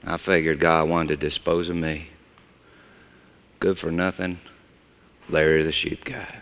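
An actor playing a bitter, joking redneck shepherd with a drawl, performing a theatrical monologue on a stage in a large hall. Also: male voice, level tone, measured pace, full character voice. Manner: folksy drawl, swings from loud mockery to low bitterness. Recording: long reverb of a large hall.

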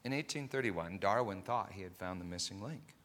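A man preaching a sermon, telling a story slowly and deliberately with many pauses, building from quiet narration to loud, impassioned passages. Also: deep voice, lively intonation, big-room sound.

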